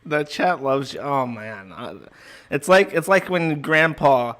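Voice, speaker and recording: A man's voice: on the high side, expressive, measured pace, fairly bright tone. A man chatting casually on his stream, rambling loosely and swearing as he talks. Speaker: streamer replaying an old clip. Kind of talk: casual chat.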